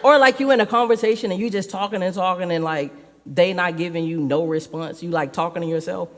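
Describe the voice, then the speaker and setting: A woman's voice: lowish voice, brisk. A woman church elder giving a conversational sermon, peppering her talk with "like" and laughing often. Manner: chatty, fills speech with "like", laughs often. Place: church sanctuary. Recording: reverberant church hall.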